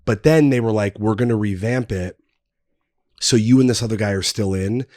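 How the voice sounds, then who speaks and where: A man with a low-pitched voice recounts a long story on a podcast, loose and rambling, with lots of "um" and "like". The sound is close and dry, with no room around it. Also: moderate pace, a little mellow, no echo. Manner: rambling anecdotes with many fillers. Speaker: guest. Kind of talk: casual storytelling chat. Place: podcast studio.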